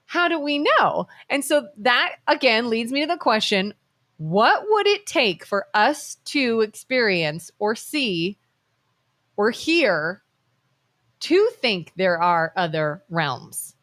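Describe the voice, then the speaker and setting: A woman co-hosting a live talk show, telling stories with animated delivery and questioning her co-host. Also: on the high side, slow, no echo. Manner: animated storytelling, acts out quotes. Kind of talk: casual talk show discussion. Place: studio.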